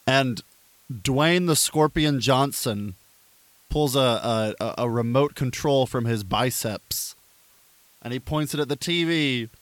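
A man's voice: medium pitch, slow, dry recording. A man co-hosting a comedy podcast, joking, laughing often and narrating a silly made-up scene. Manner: jokey, laughs often, slides into silly voices. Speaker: podcast co-host and game narrator.

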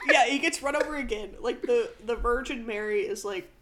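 A woman co-hosting a podcast, retelling a film in a profane, animated, laughing way. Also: a little high, fairly quick, background noise. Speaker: podcast co-host. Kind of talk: casual podcast chat.

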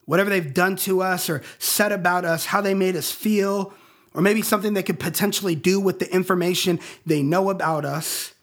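Husky casual-talking male preacher. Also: high-pitched, steady tone, normal speed, fairly bright tone. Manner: casual, rambling storyteller with many fillers. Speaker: pastor. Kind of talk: sermon.

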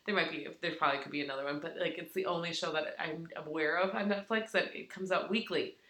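A woman's voice: sits low, fast talker, fairly bright tone. A woman co-hosting a podcast in casual chat, full of fillers and quoted asides. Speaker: podcast co-host. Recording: echoey room.

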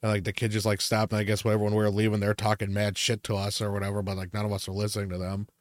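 A man's voice: on the low side, completely flat delivery, racing, dry recording, studio quality. A young adult man in casual chat, telling rambling stories full of swearing and filler words. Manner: ranting storyteller, heavy swearing and fillers. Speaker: podcast co-host.

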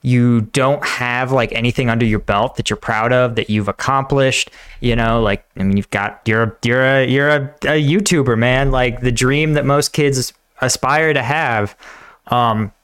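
A man's voice: medium pitch, normal speed, fairly bright tone, clean tone. A man hosting a casual podcast chat, talking in a rambling, hesitant way. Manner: rambling, hesitant, many fillers. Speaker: host, combat veteran.

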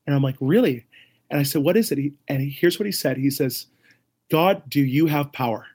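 A middle-aged man, a ministry leader, telling an animated story as an interview guest, acting out the voices of others and laughing often. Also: a little high, a little fast, breathy edge.

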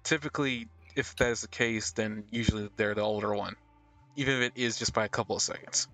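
A man's voice: on the low side, steady tone, quick pace, pushed and bright. A man hosting a casual anime podcast, hesitant and tripping over names as he reads. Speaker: podcast host. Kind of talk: casual chat.

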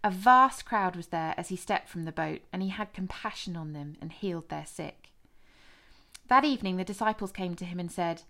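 A woman's voice: fairly low pitch, lively intonation, moderate pace, pushed and bright. Woman reading scripture aloud. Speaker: scripture reader. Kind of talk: scripted narration.

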